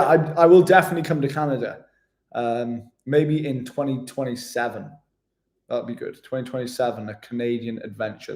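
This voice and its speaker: A man's voice: medium pitch, a little mellow. A man chatting casually with viewers on a live stream, laid-back and matey, calling everyone mate. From Wales. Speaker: travel vlogger hosting a live stream.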